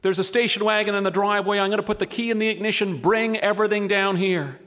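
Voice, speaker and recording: A man voicing a patient, practical middle-aged woman who talks firmly to calm someone down. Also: high-pitched, fast talker. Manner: firm, steady coaxing.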